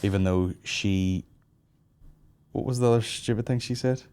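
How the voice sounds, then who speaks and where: A man's voice: fairly low pitch, normal speed, a little mellow, clear, resonant tone. A man hosting a comedy podcast, giddy and tired, joking crudely and swearing a lot. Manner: crude, jokey, swears a lot, puts on voices in stories. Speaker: podcast host. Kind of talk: casual comedic banter.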